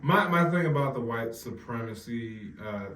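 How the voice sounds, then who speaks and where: A man, co-hosting a casual podcast. He talks with animation and stumbles over his starts. His average-pitched voice carries the echo of a roomy space and sits a little back from the mic. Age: 40s. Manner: animated, quick asides, repeats words when starting. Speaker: podcast co-host. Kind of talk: casual chat. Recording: roomy sound, mic at some distance.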